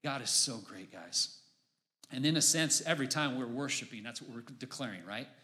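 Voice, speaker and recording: A pastor preaching a sermon in church, building to emphatic, raised exclamations on key points. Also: male voice, mid-range voice, moderate pace, sharp tone.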